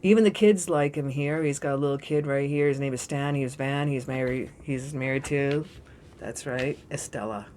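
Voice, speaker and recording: A woman giving a storytelling tarot reading in an excitable, dramatic and profane way. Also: a bass voice, moderate pace, slight background noise. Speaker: tarot reader.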